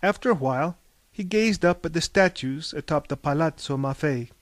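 A man reading a story aloud in a measured, lyrical way. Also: fairly high pitch, animated, no room sound. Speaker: narrator.

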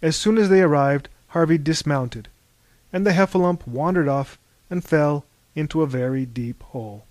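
A man narrating a storybook in a calm, measured, wry way. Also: a little high, dry recording. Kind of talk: storybook reading.

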